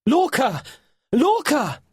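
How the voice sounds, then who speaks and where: A man's voice: sits high, big pitch swings, slow, no room sound, clean studio sound, voice pushed up, exaggerated voice. A man voicing an earnest, anxious young boy in a storybook reading, urgent in tone.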